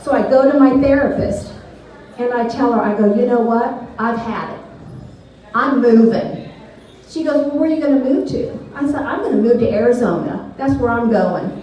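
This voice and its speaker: A woman's voice: a little high, normal speed, darkish tone. A middle-aged woman doing off-the-cuff stand-up, rambling and candid, often laughing at her own jokes. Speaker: stand-up comedian. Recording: echoey room, voice from far off.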